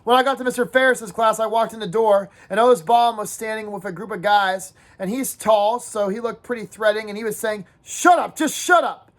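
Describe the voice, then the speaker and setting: A woman teacher reading a novel aloud in first person to her class, pausing to talk to her students and ask them questions. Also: medium pitch, fairly even intonation.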